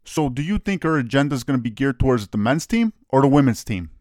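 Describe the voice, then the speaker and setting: A man's voice: medium pitch, big pitch swings, fairly quick, darkish tone, no echo, clean studio sound. A man with a brash, profane, opinionated way of talking, casually co-hosting a soccer chat. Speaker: soccer podcast co-host.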